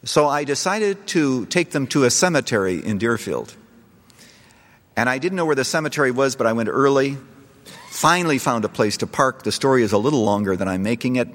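A man's voice: medium pitch, lively intonation, brisk, fairly bright tone. A middle-aged male pastor preaching a sermon, telling a story and building to impassioned appeals. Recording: long reverb of a large hall.

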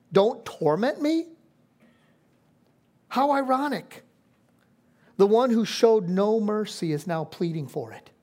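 A woman's voice: mid-range voice, darkish tone. Emphatic woman preaching a sermon. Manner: emphatic, repeats phrases for stress.

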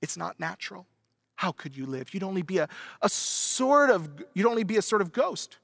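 Brief: coaxing little lizard voice, a preacher putting it on, higher and gravelly, pleading to stay alive. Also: male voice, sing-song, moderate pace, a bit bright, no room sound, studio quality, faint music behind, heavily acted. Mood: wheedling. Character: small wheedling male lizard of the flesh.

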